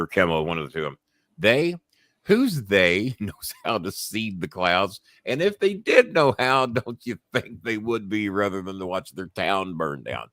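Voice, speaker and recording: A man's voice: deep voice, fairly bright tone, dry recording, studio quality. A man hosting a casual livestream show, telling rambling, profane stories. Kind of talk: casual chat and storytelling.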